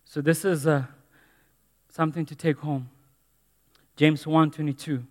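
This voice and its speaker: A man's voice: fairly high pitch, flat delivery, a little slow, a little mellow, long reverb tail. A man preaching a sermon in a church, earnest and emphatic, repeating key phrases. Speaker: pastor.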